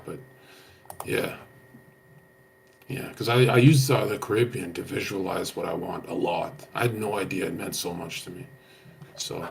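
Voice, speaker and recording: A man's voice: on the low side, vocal fry, darkish tone, a little hiss or hum. A young man talking to his stream chat in a blunt, slangy way, swearing and saying "bro" a lot. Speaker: livestreamer answering chat.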